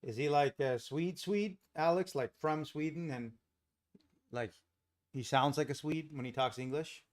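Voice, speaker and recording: A man from Los Angeles hosting a live day-trading stream, chatting casually with viewers in a relaxed, rambling way and chuckling often. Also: on the high side, measured pace. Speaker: day trading livestream host. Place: home trading setup.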